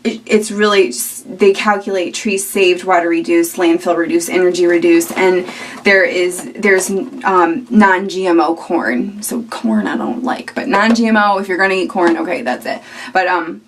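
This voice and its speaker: A woman's voice: fairly low pitch, a little slow, far from the mic, a little hiss or hum. A young woman in her twenties talking casually to camera at home, chatty and rambling with fillers. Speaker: vlogger. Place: at home indoors.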